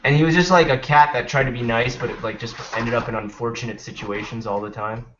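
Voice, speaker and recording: A man's voice: mid-range voice, fairly even intonation, quick pace, a bit bright, slight background noise. A young man hosting a casual podcast chat, laid-back and rambling, swearing now and then. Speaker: podcast host. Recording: dull lo-fi stream audio.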